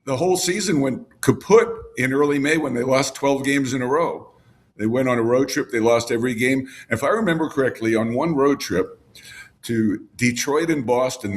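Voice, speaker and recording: An older man swapping stories as a guest on a chat show, his voice husky and mid-pitched. He reminisces at an easy pace, stacking up names and details with the odd chuckle. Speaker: baseball radio broadcaster, guest. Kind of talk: casual storytelling in a podcast chat.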